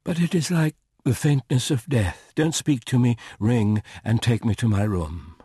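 A woman's voice: extremely low pitch, measured pace, mellow, breathy edge, no room sound, exaggerated voice. Faint proud noblewoman, murmured lines, dry close sound, voiced by a man.

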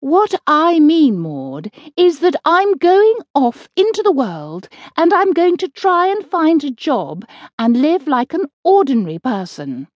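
A woman's voice: sits high, huge pitch swings, unhurried, dry recording, muffled recording, voice pushed up, heavily acted. Lady voicing a cheerful kindly witch, lilting and patient, close dry sound. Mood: resolute. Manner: gentle, patient and reasonable.

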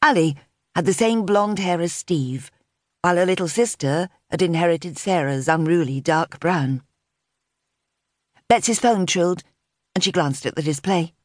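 A woman narrates a contemporary novel in a steady, measured voice. Her pitch sits low for a woman. The recording is dry and close, with no room sound. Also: dry recording. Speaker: audiobook narrator. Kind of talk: scripted narration.

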